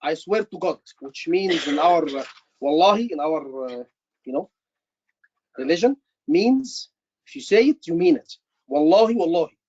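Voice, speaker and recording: A man's voice: on the high side, sing-song, measured pace, long pauses, darkish tone, slightly rough, no echo, muffled recording. A man tutoring students for a medical exam, emphatic and repeating his words. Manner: emphatic, repeats words, says "brother" often. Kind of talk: online teaching session.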